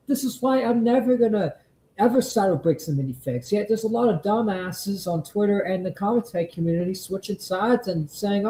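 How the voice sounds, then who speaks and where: A man's voice: high-pitched, animated, a little slow, darkish tone, roomy sound, rough recording. Angry, swearing male stream host. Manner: angry, profane ranting. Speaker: stream host reacting to a video. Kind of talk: heated live commentary.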